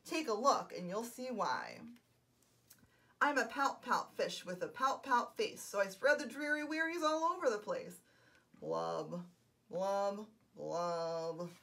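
A woman's voice: medium pitch, lively intonation. Woman voicing a gloomy pout fish. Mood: glum sing-song. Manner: loud sing-song chant with drawn-out blubs. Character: glum male pout fish, gloomy and sulky.

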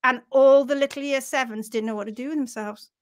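A woman telling a funny story on a live stream, animated and self-mocking, laughing often. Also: high voice, brisk, clean tone. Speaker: host of a live horse-care session.

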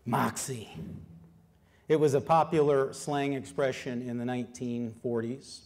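Middle-aged man, author's public talk, lively, quizzes the audience, lots of fillers. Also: medium pitch, normal speed. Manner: lively, asks the audience questions, many fillers. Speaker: author giving a history talk. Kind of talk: public lecture to a live audience.

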